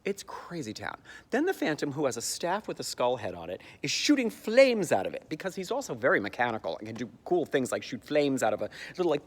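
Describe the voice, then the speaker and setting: A man giving a sarcastic comic recap of a stage musical's plot, jumping into high squeaky voices to mock the characters. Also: wildly swooping pitch, fairly quick, hardly any pauses, long reverb tail. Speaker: comedic theatre commentator.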